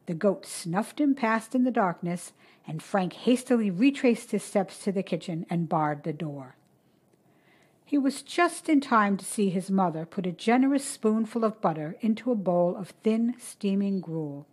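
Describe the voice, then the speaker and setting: Woman, steady audiobook narration, measured storytelling, mid pitch. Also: husky. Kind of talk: audiobook reading of a short story.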